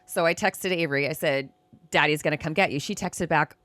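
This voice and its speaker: A woman's voice: sits low, brisk, fairly bright tone, dry recording. A woman, a mother and podcast co-host, telling family anecdotes in casual chat. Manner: chatty, laughs often, tells family anecdotes.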